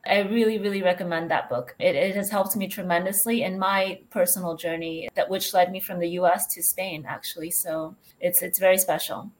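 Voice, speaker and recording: A woman's voice: fairly low pitch, fairly even intonation, fairly quick, hardly any pauses. A woman who works as a transition coach, answering interview questions in an earnest, reflective way.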